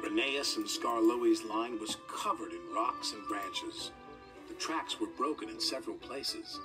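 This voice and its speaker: A man giving a gentle, expressive scripted narration of a children's story. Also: lowish voice, measured pace, distant mic, over music.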